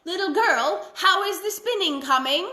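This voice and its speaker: A woman voicing a cranky old witch who shouts in a shrill, scolding voice. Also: animated, moderate pace, roomy sound, full character voice. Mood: calling sweetly.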